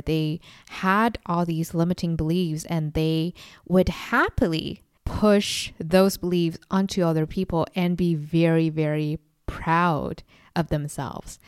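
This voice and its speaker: A woman's voice: low-pitched, darkish tone, clear, resonant tone, dry recording, clean studio sound. A woman in her twenties hosting a solo podcast, talking in a reflective, confiding way and sometimes mimicking people sarcastically. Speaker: podcast host.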